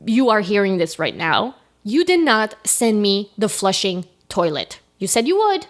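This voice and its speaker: A woman's voice: mid-range voice, measured pace. A young Canadian woman co-hosting a podcast in casual chat, telling stories animatedly and acting out the dialogue. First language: Italian. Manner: animated storyteller, acts out the dialogue. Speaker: podcast co-host.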